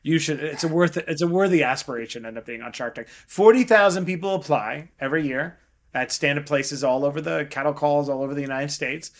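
Middle-aged man, guest investor, casual interview chat, animated storyteller, acts out quotes. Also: a little high, a little fast.

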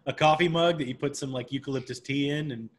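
A man's voice: medium pitch, fairly even intonation, fast, husky. Laid-back man with dry humor. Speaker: podcast co-host. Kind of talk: casual podcast banter.

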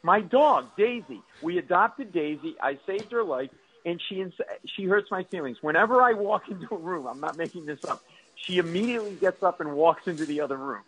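A man with a slightly high voice tells comic stories on a radio show. He rattles off exaggerated complaints and mocks himself with lively timing. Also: a little fast, breathy edge, rough recording. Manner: animated, self-mocking, exaggerated complaints. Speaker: comedian guest.

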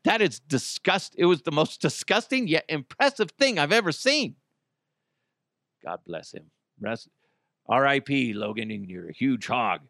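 A man's voice: a little high, creaky, bright, forceful tone, no echo, studio quality. A man hosting a podcast, talking casually in a crude, jokey way and slipping into mocking voices. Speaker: podcast host. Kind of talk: casual solo podcast rant.

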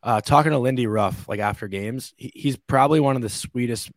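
A man's voice: mid-range voice, a little fast, no echo, studio quality. A young man co-hosting a sports podcast from home over a remote call, rambling through his points with many fillers. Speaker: sports reporter, co-host. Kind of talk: casual sports chat. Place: home room.

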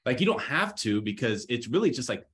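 A man's voice: mid-range voice, very animated, a little fast, fairly bright tone, slight background noise. A man co-hosting a casual sports talk show, teasing and conversational. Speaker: sports podcast co-host.

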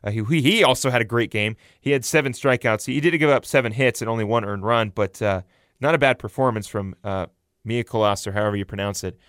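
Young male sports podcaster, loose and rambling, clear resonant tone, dry close-miked. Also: medium pitch, fast talker, fairly bright tone, dry recording. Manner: rambling, self-correcting, frequent fillers and restarts. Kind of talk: casual baseball commentary.

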